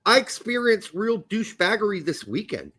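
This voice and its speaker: A man's voice: high-pitched, normal speed. A man in his fifties co-hosting a soccer podcast, joking crudely in casual chat. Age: 50s. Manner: animated, crude, jokey. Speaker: podcast co-host.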